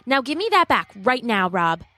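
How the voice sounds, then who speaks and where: A woman's voice: very animated, normal speed, sharp tone, no room sound. Woman doing a bossy young schoolgirl. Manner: high, urgent and bossy.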